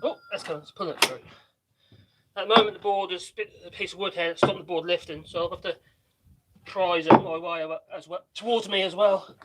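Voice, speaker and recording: A man's voice: sits high, fairly even intonation, fairly quick, very noisy. A man hosting a casual live stream while doing DIY work, rambling and hesitant, often muttering to himself as he works. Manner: rambling, hesitant, with many restarts and fillers.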